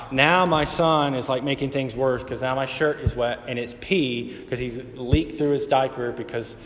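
Man, pastor, sermon, conversational, echoing hall. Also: medium pitch. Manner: conversational storytelling, shifting between quiet and emphatic. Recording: hall reverb with faint ambience.

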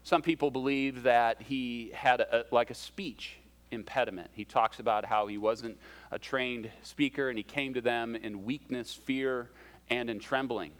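A man gives a conversational sermon, his voice sitting at a middle pitch. He shifts his pace and emphasis as he preaches and slips in self-deprecating humor. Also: fairly even intonation, measured pace. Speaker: pastor.

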